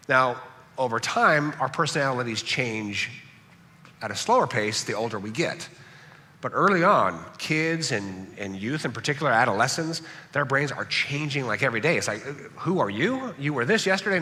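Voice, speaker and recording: A man from Southern California preaching a sermon as pastor, animated and joking, often checking in with "right?". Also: on the high side. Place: large church hall. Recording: echoey church hall.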